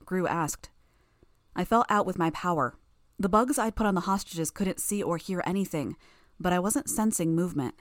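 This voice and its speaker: Audiobook narrator: a woman, lowish voice, measured delivery, very dry close mic. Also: no echo. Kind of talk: first-person audiobook narration.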